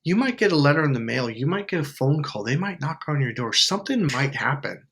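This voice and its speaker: A man talking casually to camera, giving self-help advice in an animated, rambling way, acting out little quoted exchanges with sudden jumps in voice. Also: fairly high pitch, fairly quick. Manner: rambling, with many fillers and restarts.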